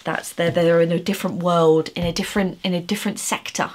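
A woman's voice: fairly low pitch, steady tone, a little fast, a little mellow. A woman talking straight to camera in an earnest, reassuring way, often restarting her sentences and sometimes close to tears. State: emotional, near tears at times. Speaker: YouTuber. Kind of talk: heartfelt direct-to-camera message.

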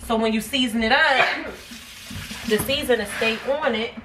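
A woman chats to her viewers while she cooks in her home kitchen. Her voice sits on the higher side. She is picked up by a phone set back from her, so she sounds distant, with clear noise behind her. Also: moderate pace. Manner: chatty, addresses viewers as y'all. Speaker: cooking vlogger. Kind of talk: casual cooking vlog. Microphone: phone camera set back.

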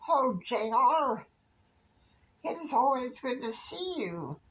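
A man putting on a chirpy, high young college girl. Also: big pitch swings, takes it slowly, fairly bright tone, a little hiss or hum, full character voice, poor audio. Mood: cheerful. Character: cheerful young female college student.

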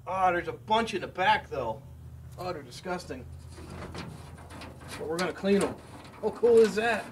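A man giving a casual running commentary as he works, excitable, exclaiming and thinking aloud into a camera mic held close. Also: high voice, unhurried. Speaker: vlogger restoring a vending machine. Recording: noisy background hiss.

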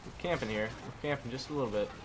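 Talking fast at medium pitch, a man commentates his shooter gameplay to himself, using tame substitutes for swear words. The background is noisy with game gunfire.

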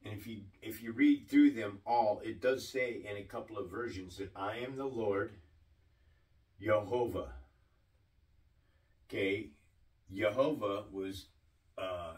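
A man preaching a sermon-style teaching, slow and deliberate, often asking his listeners questions. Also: on the low side, far from the mic, poor audio.

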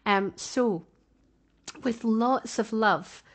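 A woman's voice: fairly high pitch, drawn-out words. Chatty woman podcast co-host. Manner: chatty and warm-hearted, laughs often. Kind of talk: casual podcast chat.

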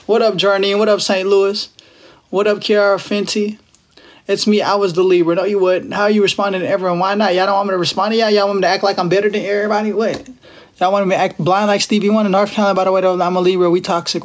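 A man in his twenties from Texas, chatting casually and teasing viewers on a phone livestream, with playful, slangy banter. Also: high voice. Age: 20s. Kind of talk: casual live-stream chat with viewers.

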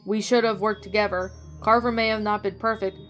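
A resentful young man complains and blames others in a mid-pitched voice, as a woman reads his part. Light music hums behind. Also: steady tone, a little fast, fairly bright tone, lightly acted. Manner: complaining, reproachful.

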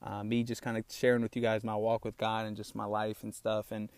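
A man's voice: on the low side, completely flat delivery, a little fast, darkish tone, clear, resonant tone, no echo. A young man hosting a solo podcast, talking in a loose, candid, rambling way and calling listeners "bro" and "man", a little out of breath. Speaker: podcast host. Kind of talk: casual solo podcast talk. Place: small outdoor hideout on rural land.

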